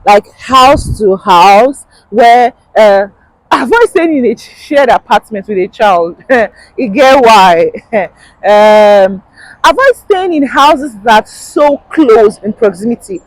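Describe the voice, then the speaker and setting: A woman's voice: a little high, lively intonation, slow pace, dry recording, poor audio. A woman with a Nigerian accent giving casual advice in a chatty vlog, laughing often and repeating points for emphasis. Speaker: vlogger.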